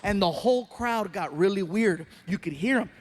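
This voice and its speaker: A man doing stand-up storytelling, animated and acting out voices and crowd sounds. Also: high voice, normal speed, heavy background noise. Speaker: stand-up comedian.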